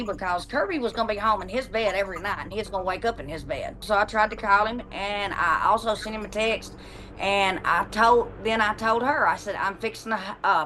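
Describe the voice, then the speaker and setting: A woman's voice: medium pitch, fairly bright tone. A woman, a victim's mother, telling in a documentary interview how she lost her son and acting out what was said. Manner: grief-stricken, reenacting dialogue.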